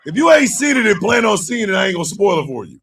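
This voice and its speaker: A man chatting loosely with his livestream chat, telling a story loudly and profanely and often breaking into laughter. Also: sits high, big pitch swings, quick pace, distant mic.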